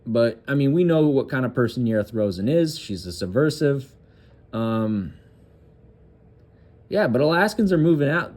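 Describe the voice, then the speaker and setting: A man's voice: medium pitch, expressive, a little mellow. Sarcastic man reading news with crude asides. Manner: loose, halting reading with fillers and restarts. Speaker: political commentary host. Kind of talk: reading a news article aloud with commentary.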